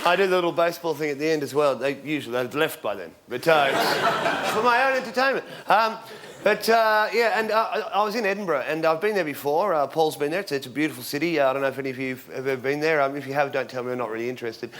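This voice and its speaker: A man's voice: a little high, quick pace, background noise. Australian man in his forties, stand-up. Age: 40s. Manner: rambling deadpan storytelling with sudden shouted punchlines. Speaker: stand-up comedian. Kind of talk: stand-up comedy. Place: theatre stage with live audience. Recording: live show with loud crowd laughter.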